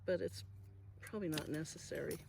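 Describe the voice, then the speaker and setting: A woman's voice: low-pitched, fairly quick, creaky. A woman vlogging about her garden, chatting casually and thinking aloud as she works outdoors. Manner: chatty, thinking aloud, soft-spoken asides. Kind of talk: casual narration while working. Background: passing traffic.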